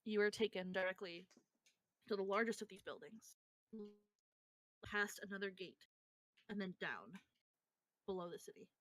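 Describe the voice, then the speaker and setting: Woman, game master, calm descriptive narration, dry close sound, mid pitch. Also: moderate pace, pauses often, no room sound, low-quality recording.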